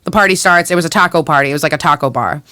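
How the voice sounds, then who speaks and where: A woman's voice: low voice, very fast, no room sound, studio quality. A woman co-hosting a podcast, telling a story in casual chat and acting out the dialogue with laughter. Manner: animated, laughing, acts out quoted dialogue. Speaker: podcast co-host.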